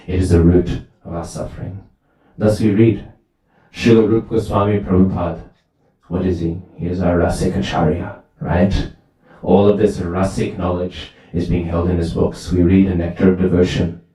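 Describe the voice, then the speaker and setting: Male temple speaker, lively storyteller, low and mellow, recorded from a distance in a reverberant hall. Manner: lively storytelling, asks "right?" often. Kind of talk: sermon with storytelling. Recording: very echoey hall, far from mic.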